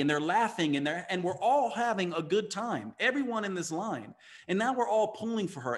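A man who is a podcast guest, a physician and coach, telling a story with emphasis and acting out the voices of the people in it. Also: high-pitched. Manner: emphatic, acts out quoted voices. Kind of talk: storytelling interview talk.

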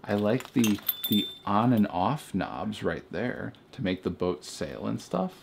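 Filmed by a friend at home next to a Christmas tree, this young comedy vlogger delivers a deadpan-style review in a lowish, gravelly voice that moves through big pitch swings at a slow pace. He keeps drifting into tangents, then says sorry for them; faint hiss or hum is audible.

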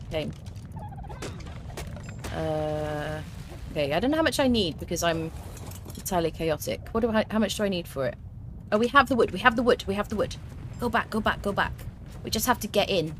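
A young woman streaming a video game, chatting excitably to the creatures and her viewers as she plays. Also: medium pitch, fairly quick, slight background noise. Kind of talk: let's play commentary. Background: faint game music.

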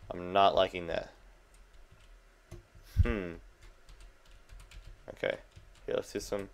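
Keyboard clicks accompany a young gaming host whose gravelly voice sits low. He chats casually with self-amused humor, reacting jumpily as he plays.

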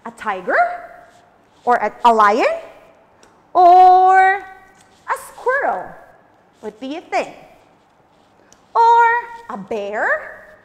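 A woman teacher leads a lesson for young children, drilling new words over and over and coaxing her class to repeat. Her voice sits high and swings widely in pitch, and she takes an unhurried pace. A long reverb trails behind her voice. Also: fairly bright tone.

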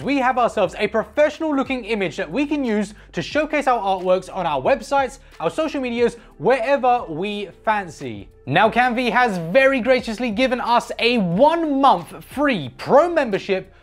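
A woman's voice: fairly high pitch, animated, moderate pace, few pauses. A woman hosting an art channel, talking in an upbeat, enthusiastic and jokey way through a casual vlog and sponsor read.

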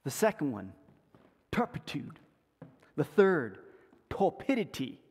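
A man preaching a sermon, telling a story in a playful, animated way. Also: a little high, slow pace, slightly rough. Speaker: pastor. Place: church sanctuary. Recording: echoey church livestream.

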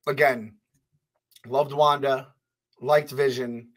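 A man hosting a casual podcast, giving offhand opinions and quick asides. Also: medium pitch, fairly even intonation. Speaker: podcast host.

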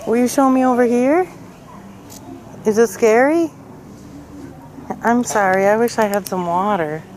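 A woman vlogging outdoors in a cemetery, chatting casually and coaxing the animals she meets in a gentle voice. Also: on the high side, measured pace, a little hiss or hum, poor audio. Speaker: travel vlogger. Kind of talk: casual vlog narration.

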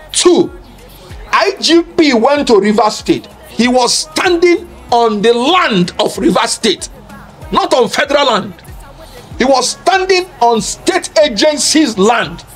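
A man lays out a legal argument with emphasis and rhetorical questions. His voice sits high and swings widely in pitch. Faint music plays under him. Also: fairly bright tone. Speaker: legal commentator. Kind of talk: public speech on law.

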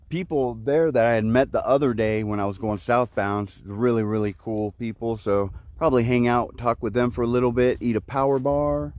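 A man vlogging on a mountain top while hiking, talking in a relaxed, rambling, awed way. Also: medium pitch, dry recording. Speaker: hiker vlogger. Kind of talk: casual outdoor vlog. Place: mountain summit outdoors.

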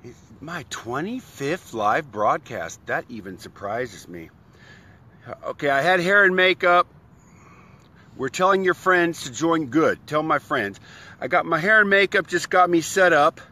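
A man's voice: a little high, expressive, a little slow, sharp tone. A man hosting his own live broadcast, upbeat and a bit hyped, chatting casually and greeting viewers one by one by name. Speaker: live stream host. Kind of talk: casual live-stream chat.

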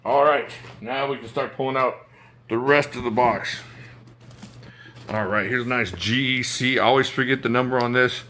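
A man's voice: medium pitch, fairly even intonation, moderate pace, sharp tone, a little hiss or hum. A man casually showing his knife collection on camera, enthusiastic and jokey, chatting to himself as he handles each knife indoors at home. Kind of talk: casual show-and-tell talk to camera.

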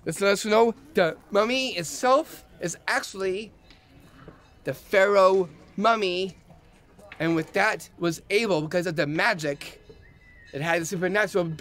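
A man's voice: high voice, fairly bright tone. A man hosting a casual magic trick tutorial, eager and showing each step as he goes. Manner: eager, repeats "like this" while demonstrating.

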